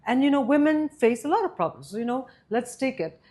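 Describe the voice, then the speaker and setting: A woman's voice: high-pitched, expressive, fairly quick, a little mellow. A woman hosting a podcast interview, asking encouraging questions of her guest. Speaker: podcast host.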